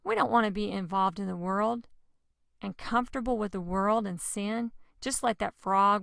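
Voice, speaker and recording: A woman giving a lively, expressive devotional message, with sudden loud exclamations. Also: mid-range voice, gravelly, no room sound, clean studio sound. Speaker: preacher. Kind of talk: lively children's-style devotional teaching.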